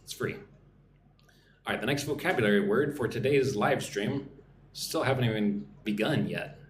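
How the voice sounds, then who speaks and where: An American man with a medium-pitched voice teaches business English on a live stream, speaking slowly and clearly and frequently checking in with "right?". The audio is reverberant, with a little hiss or hum.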